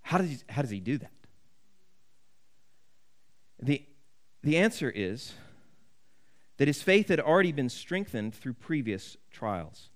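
A man's voice: medium pitch, big pitch swings, unhurried, pauses often. A man preaching a sermon in an earnest, conversational way, often restarting his sentences. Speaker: pastor.

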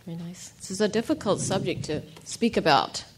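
A woman speaking at a recovery meeting, beginning her personal testimony in a measured, deliberate way. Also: mid-range voice, expressive, a little hiss or hum.

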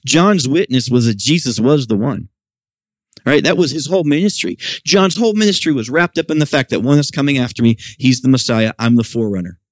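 A middle-aged man preaches to his congregation with lively, expressive delivery. His voice sits at an ordinary pitch and jumps higher when he acts out questions. The sound is close and dry, with little room echo. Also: fairly quick. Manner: animated preaching, voicing quoted questions in a raised pitch. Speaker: pastor. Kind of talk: sermon. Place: church service.

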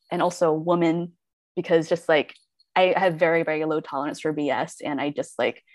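Chatty woman, low and dry. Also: darkish tone, dry recording. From United States. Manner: chatty, many fillers and quoted asides. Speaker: actor and web series creator. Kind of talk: casual podcast interview.

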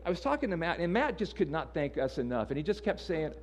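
A man's voice: fairly high pitch, sing-song, fast talker. A man preaching a sermon in a casual, conversational way, often repeating words as he restarts. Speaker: pastor.

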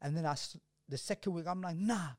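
A man from Australia, a basketball player, telling stories from his career in an animated, casual interview chat. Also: on the high side, fast, no echo, studio quality.

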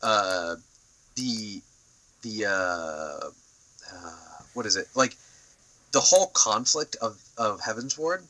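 Bright-voiced young man rambling casually. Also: fairly low pitch, slow pace, long pauses, poor audio. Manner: rambling and animated, heavy on fillers and swearing. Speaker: podcast co-host. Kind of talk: casual chat.

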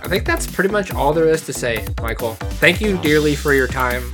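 A man's voice: on the high side, lively intonation, brisk, music in the background. A man co-hosting a casual podcast, reading out words and definitions with playful asides. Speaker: podcast co-host.

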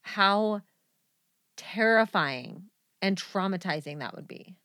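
A woman co-hosting a podcast in casual chat, animated and laughing often. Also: mid-range voice, slow pace, no echo, clean studio sound. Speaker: podcast co-host.

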